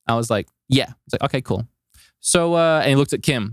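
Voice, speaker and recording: A man co-hosting a podcast, telling a travel story in a rambling, animated way with lots of filler words. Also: lowish voice, quick pace, no room sound, studio quality. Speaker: podcast co-host. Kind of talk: casual storytelling chat.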